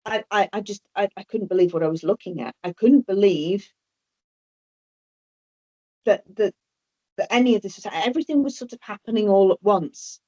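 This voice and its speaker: A woman's voice: mid-range voice, moderate pace, long pauses, warm tone. A woman telling a personal story as an interview guest, hesitant and often repeating or restarting her words. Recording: dull lo-fi audio.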